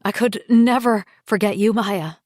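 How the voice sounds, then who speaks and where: A woman's voice: mid-range voice, a little slow, a little mellow, dry recording, studio quality, natural voice. A woman narrator voicing a torn, anguished man who pleads, in her own voice raised with emotion. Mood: pleading.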